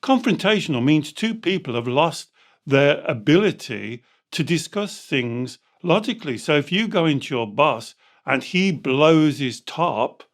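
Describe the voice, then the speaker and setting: A man's voice: on the high side, measured pace. A man hosting a podcast as a coach, telling client stories and acting out their dialogue. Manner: animated storytelling, acting out dialogue. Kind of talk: podcast discussion with anecdotes.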